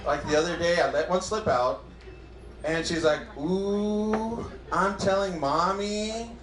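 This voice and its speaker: A man in his thirties performing a stand-up comedy set on a club stage, acting out his family's lines in quick animated bursts. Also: fairly high pitch, background noise. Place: comedy club stage before a live audience. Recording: roomy club sound.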